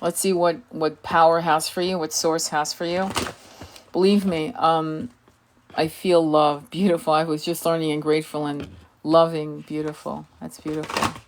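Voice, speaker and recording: Effusive woman tarot host on a live stream, somewhat low voice, quick to praise. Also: little pitch movement, background noise. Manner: effusive, gushing, repeats "beautiful". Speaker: tarot reader and spiritual guide hosting a live session. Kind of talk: live-stream tarot reading with chat replies.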